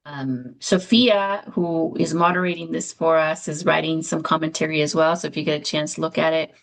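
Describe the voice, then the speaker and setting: A woman with a low, gravelly voice moderates an online book launch over a video call. She reads comments aloud and calls on guests, with plenty of fillers between her phrases. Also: fairly even intonation, normal speed, poor audio. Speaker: event moderator.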